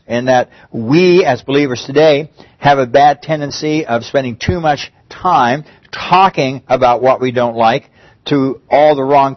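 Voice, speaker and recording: In a mid-range voice, a man preaches his sermon like a conversation, restarting phrases and getting louder on emphatic pleas. The recording is dull and muffled, without echo.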